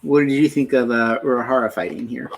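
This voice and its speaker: A man co-hosting a casual talk show, calmly asking guiding questions. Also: mid-range voice, brisk, gravelly, a little hiss or hum. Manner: calm, asks guiding questions. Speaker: co-host. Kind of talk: casual discussion.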